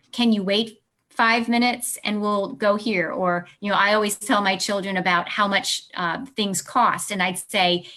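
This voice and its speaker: A woman speaking as a guest on an interview show about parenting. She explains her ideas by acting out short exchanges between parent and child. Her voice sits at an ordinary middle pitch. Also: fairly bright tone. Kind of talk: interview answers.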